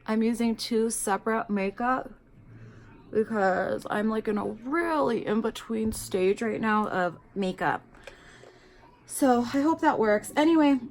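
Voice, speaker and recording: A woman vlogger chatting casually while doing makeup, telling a story animatedly and saying "like" and "you guys" a lot. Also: on the high side. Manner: animated storyteller, acts out quoted people; filler-heavy, says "like" and "you guys".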